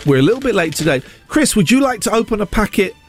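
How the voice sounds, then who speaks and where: A man's voice: sits high, sing-song, quick pace, soft background music. A man presenting a morning radio show, playful and upbeat, with sing-song asides. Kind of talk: lively morning radio chat. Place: radio studio. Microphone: studio microphone.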